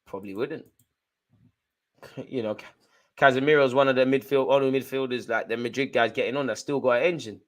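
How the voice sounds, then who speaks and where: A young man hosting a live football watchalong, giving chatty, jokey running commentary full of slang, jumping between excited outbursts and low muttered asides. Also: fairly quick, pauses often. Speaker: fan watchalong host.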